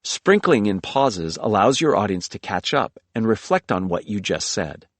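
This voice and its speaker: Lively, low-voiced man narrating an audiobook. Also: normal speed, dry recording. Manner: instructive, coaching the listener through exercises.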